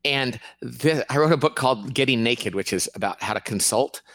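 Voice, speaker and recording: A man answering interview questions as an author and consultant, lively and acting out quoted people. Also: medium pitch, moderate pace, no echo. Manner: animated, acts out quoted people in raised voice.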